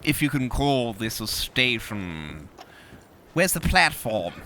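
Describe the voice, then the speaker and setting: A man's voice: medium pitch, big pitch swings, slow, noisy background. A man hosting comedic gameplay commentary in a theatrical, pompous manner. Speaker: gaming host in character. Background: game music and sounds.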